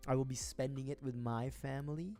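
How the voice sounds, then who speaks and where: A man's voice: mid-range voice, fairly even intonation, brisk, warm tone, faint music behind. Rambling young man chatting on stream. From Philippines. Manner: rambling, chatty, self-deprecating. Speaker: livestreamer building a model kit. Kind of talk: casual chat.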